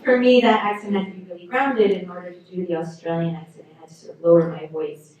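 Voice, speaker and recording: A woman's voice: on the low side, fairly even intonation, fast, lo-fi sound, crowd noise. A woman speaking as an actor on a Q&A panel, in a chatty, easygoing way. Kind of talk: Q&A panel discussion. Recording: echoey hall, distant mic, faint noise.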